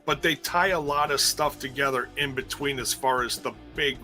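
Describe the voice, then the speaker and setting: A man co-hosting a podcast, recapping in relaxed, easygoing chat full of fillers. His voice has a bright, forward tone at a middle pitch. Faint music plays softly behind him. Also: moderate pace. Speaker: podcast co-host. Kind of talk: casual chat reviewing wrestling shows.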